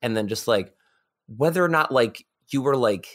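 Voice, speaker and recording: A man's voice: medium pitch, expressive, normal speed, a bit bright. A young man from New York telling a story in casual podcast chat, rambling with lots of fillers and restarts. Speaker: podcast guest.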